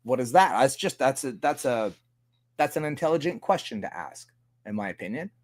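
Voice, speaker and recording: A man's voice: medium pitch, sing-song, moderate pace, darkish tone. A man with a Canadian accent hosting a livestream, ranting casually with heavy swearing and frequent laughs. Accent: Canadian English. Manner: profane, ranting, laughs often. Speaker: livestream host.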